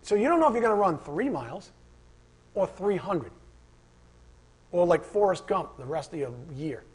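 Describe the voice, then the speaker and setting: A pastor with a higher-pitched, husky and slightly breathy voice preaches a sermon to his congregation at a moderate pace. Between Scripture readings he tells animated stories, acts out little asides and throws out rhetorical questions.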